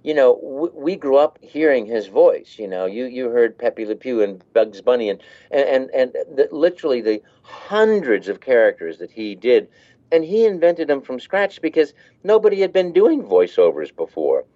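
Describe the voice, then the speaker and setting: A man chatting in an interview about his work as a voice actor. His pitch rises and falls widely, and he breaks into laughter and demonstration voices. The recording is slightly muffled. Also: very animated, moderate pace. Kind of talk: casual interview talk.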